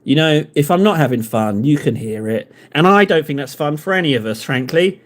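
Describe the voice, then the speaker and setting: A man's voice: fairly high pitch, animated, brisk. A man chatting casually and rambling in jokes to his viewers while he paints models on a live stream. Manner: rambling, jokey, talks to viewers in chat.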